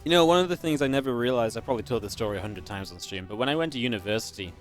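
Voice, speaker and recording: A young man with a light Geordie accent chats his way through live game commentary, rambling and easygoing, with a middling pitch. Faint music plays softly behind him. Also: lively intonation, racing. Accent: northeast English (Geordie). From northeast England. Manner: chatty, rambling, with light laughs. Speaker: esports caster. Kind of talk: casual live-stream commentary and chat.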